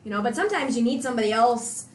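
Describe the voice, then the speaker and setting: A woman's voice: on the high side, rapid-fire, echoey room, slight background noise. A woman guest on a podcast, chatting casually about her training and acting out the things she and her coach said. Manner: animated, acts out quoted exchanges. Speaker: podcast guest, CrossFit athlete. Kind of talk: casual conversational storytelling.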